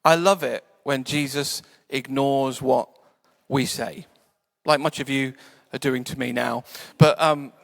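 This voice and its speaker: A man preaching a sermon in a church, conversational and playful, sometimes dropping to soft quiet tones. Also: mid-range voice, steady tone, unhurried, vocal fry. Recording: church hall reverb.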